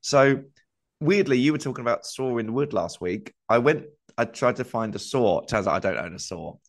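A man's voice: mid-range voice, lively intonation, moderate pace. A man co-hosting a comedy podcast, telling a meandering anecdote in casual chat, full of fillers.

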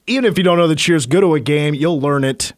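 A man's voice: fairly high pitch, fast, slight background noise. A man from Kansas hosting a sports radio show, joking and opinionated as he counts down a list. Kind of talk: casual sports talk.

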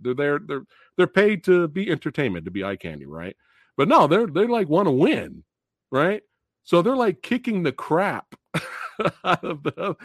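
A man hosting a casual movie review, talking in an animated way with lots of swearing and laughter, acting out scenes as he goes. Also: lowish voice, no echo, studio quality. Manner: animated, profane, laughs often, acts out scenes.

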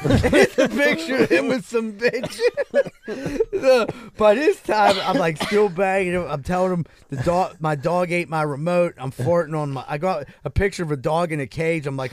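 A man's voice: high-pitched, normal speed, no room sound. A man telling a long, profane, rambling story on a podcast and laughing at his own jokes. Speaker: podcast co-host. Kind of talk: casual storytelling.

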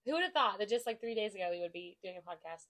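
A woman's voice: mid-range voice, lively intonation, rapid-fire, a bit bright. A young woman co-hosting a casual podcast and answering questions about her cheer coaching, talking in an upbeat, chatty way with lots of "like" fillers and frequent laughs.

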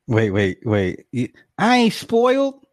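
A man's voice: mid-range voice, huge pitch swings, takes it slowly, no echo. A young man at home telling his viewers a story in a casual rant, indignant and exaggerated, swearing and laughing often. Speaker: livestreamer talking to viewers.

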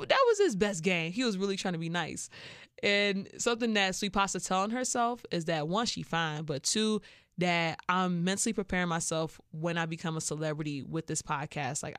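Animated young Chicago woman telling stories. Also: fairly low pitch, dry recording, studio quality. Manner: animated, acts out quoted voices with laughs. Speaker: podcast host. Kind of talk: casual storytelling monologue.

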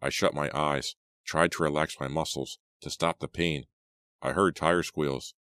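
A man narrating a teen horror novel in a steady, measured storytelling voice. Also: very deep voice, clear, resonant tone, no echo, clean studio sound. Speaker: audiobook narrator.

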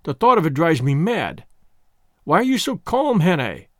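A man putting on a hoarse, frantic young gentleman in an audiobook, his voice pitched high and swinging wildly between anguish and fury. He sounds lively and loud in a dry, close recording. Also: normal speed, no room sound. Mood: despairing. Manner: anguished, cursing outbursts.

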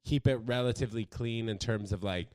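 A man's voice: lowish voice, a little fast, a little mellow, no echo. A man hosting a podcast in casual chat, joking and prompting his guest with questions. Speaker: podcast host.

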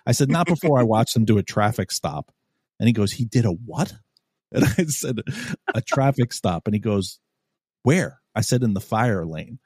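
A man with a low voice hosts a podcast and tells a story in casual chat. He swears freely and acts out the people in it with loud, animated bursts. The sound is dry and close to the mic. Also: normal speed, breathy edge, no room sound. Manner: animated, swears a lot, acts out quotes loudly. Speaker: podcast host.

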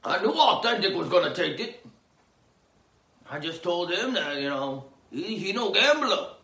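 A man riffing on an odd news story in a rambling comedy bit, lurching from loud outbursts to low mumbled asides. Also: very animated, measured pace, echoey room.

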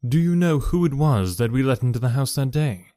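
A man's voice: medium pitch, expressive, fairly quick, mellow, no room sound, clean studio sound, natural voice. A man voicing a careworn, anxious young man who speaks in urgent, clipped phrases in a storybook reading. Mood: grim. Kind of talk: audiobook character voice.

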